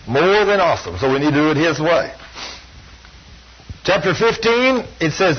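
A man's voice: on the high side, very animated, normal speed, long pauses, breathy edge. An older man preaching a folksy sermon, plain-spoken and full of homespun stories. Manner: plain-spoken, storytelling, self-deprecating. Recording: dull lo-fi sound.

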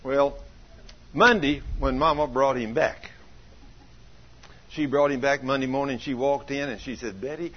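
Preacher guy telling a story, acts out everybody's lines, kinda raspy, dull old recording. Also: medium pitch, steady tone, measured pace, pauses often. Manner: folksy, plays out dialogue in changing voices. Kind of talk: sermon storytelling.

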